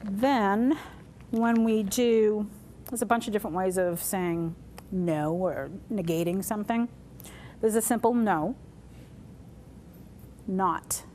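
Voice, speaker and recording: A woman teaching a sign language class, talking through each sign as she shows it, with pauses and fillers. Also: medium pitch, mellow, a little hiss or hum. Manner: demonstrative, talks through signs with pauses and fillers.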